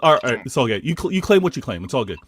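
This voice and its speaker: A man's voice: medium pitch, sing-song, rapid-fire, a bit bright, breathy edge, no room sound. A Canadian man on a football podcast, giving a theatrical fan rant with mock indignation. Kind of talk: casual football podcast chat.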